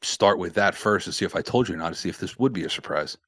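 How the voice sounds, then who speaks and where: Low-voiced, wisecracking male podcast co-host. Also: lively intonation, a bit bright, slightly rough, no room sound. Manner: joking, profane, quick with wisecracks. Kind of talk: casual chat.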